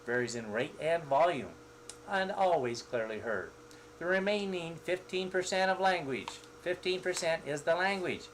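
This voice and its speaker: A man explaining the qualities of a good speech in a measured, instructive way. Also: fairly high pitch, animated, fairly bright tone, a little hiss or hum, poor audio. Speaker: speech presenter.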